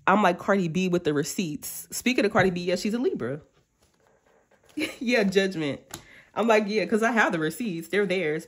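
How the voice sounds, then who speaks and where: Chatty, slangy woman tarot reader, low voice. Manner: chatty, animated, slangy and self-interrupting, acting out quoted thoughts. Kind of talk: casual tarot reading to viewers.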